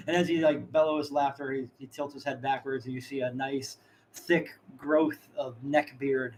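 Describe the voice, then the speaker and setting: A man running a tabletop game as game master, narrating in a relaxed, halting way. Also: medium pitch, a little hiss or hum.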